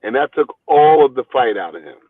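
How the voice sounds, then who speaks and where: A boxing trainer telling stories in a phone interview, talking in an animated, rambling way and repeating his words. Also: mid-range voice, fairly quick, husky, dry recording. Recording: tinny phone line, dry.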